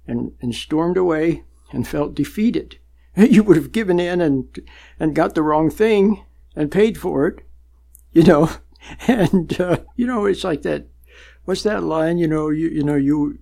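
A man teaches meditation in a relaxed, conversational way, repeating himself and chuckling as he goes. His voice sits a bit high and has a gravelly edge. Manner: conversational, repetitive, chuckles often. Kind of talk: spoken teaching on a program.

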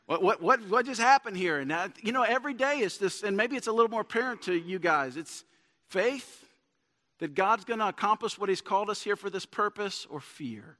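A male pastor with a high, bright, forceful voice speaks fairly quickly and expressively. His sermon in the church sanctuary is earnest, climbing to emphatic points, with long reverb from the hall.

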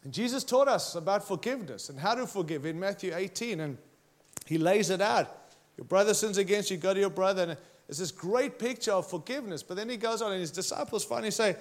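Pastor, male, preaching an emphatic, passionate sermon in a slightly higher voice. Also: expressive, quick pace. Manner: impassioned, emphatic preaching with direct challenges to listeners.

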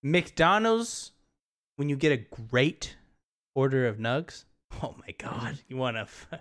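A man co-hosting a casual podcast chat, animated and joking, who swears freely and sometimes shouts for laughs. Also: medium pitch, measured pace. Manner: animated, swears freely, bursts into loud jokes. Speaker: podcast co-host.

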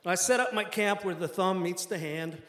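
A man's voice: high-pitched, moderate pace, a bit bright. Older guy spinning a funny true story on stage, chuckles a lot, echoey roomy sound. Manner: wry, self-deprecating, laughs through lines. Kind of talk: live storytelling to an audience. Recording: echoey hall with long reverb.

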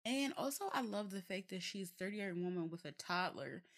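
A young woman chatting casually as a podcast co-host. She tells stories in a lively, rambling way, with plenty of fillers and restarts and frequent laughter. Her voice sits at a middling pitch for a woman. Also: fairly quick, crowd noise. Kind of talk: casual chat.

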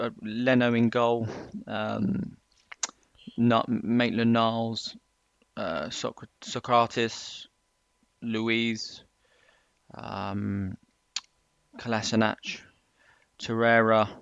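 A man's voice: medium pitch, fairly bright tone, clear, resonant tone, no room sound. A man guesting on a casual football podcast, rambling and stumbling over his words. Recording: dull dry remote line.

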